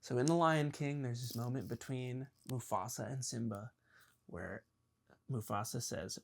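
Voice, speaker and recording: A man's voice: mid-range voice, slight background noise. Earnest young man, podcast host. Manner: earnest, confessional, halting with ums. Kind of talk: emotional conversation with his father.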